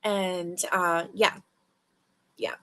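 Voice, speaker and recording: A woman with a lowish, steady, fairly bright and clean voice talks extremely slowly while hosting a crochet livestream through a webcam mic. She's tired and yawning, yet she keeps greeting viewers in a friendly, chatty way.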